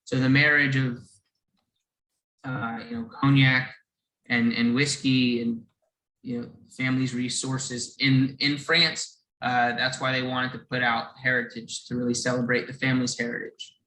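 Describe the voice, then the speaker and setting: Bright-voiced man explaining over a video call. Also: mid-range voice, little pitch movement, moderate pace, echoey room, poor audio. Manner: earnest, restarts phrases, chuckles often. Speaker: whiskey brand presenter.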